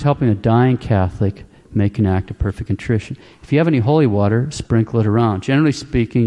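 Man, Catholic preacher, calm instructional talk, plain-spoken, repeats points, warm mellow tone. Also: mid-range voice, in a large hall.

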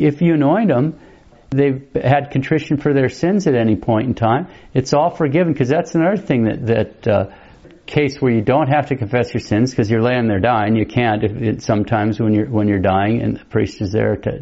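Fast-talking priest with a mellow voice. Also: male voice, medium pitch, muffled recording. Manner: brisk, conversational, self-interrupting. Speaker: Catholic priest. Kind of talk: informal teaching talk.

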